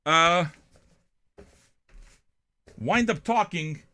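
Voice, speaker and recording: A man's voice: fairly high pitch, drawn-out words, sharp tone. An older man from Canada, hosting a music reaction show in a blunt, profane, rambling monologue.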